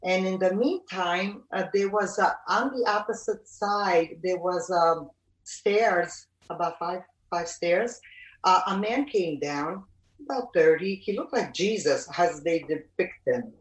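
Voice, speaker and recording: Middle-aged woman, personal testimony, halting delivery, slightly low, recorded distant and roomy. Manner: halting, many fillers and restarts. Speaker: storyteller recounting a pilgrimage. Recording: roomy, from off the mic.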